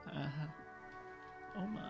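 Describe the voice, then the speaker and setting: A man's voice: on the high side, takes it slowly, vocal fry, loud music behind the voice. A man casually commenting while streaming a video game, muttering asides and reading on-screen text aloud. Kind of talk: casual let's-play commentary.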